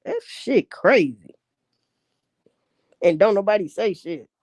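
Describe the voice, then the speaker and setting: A woman's voice: mid-range voice, expressive, takes it slowly, a little mellow, no echo. A woman ranting in a casual commentary, blunt and heavy on profanity. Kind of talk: casual rant.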